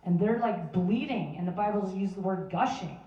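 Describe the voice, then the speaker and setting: A woman's voice: medium pitch, normal speed, dull audio. Woman, casual sermon storytelling, chatty, echoey room, distant mic. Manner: chatty and animated, with many restarts and fillers. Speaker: Bible teacher. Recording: roomy sound from a distant mic.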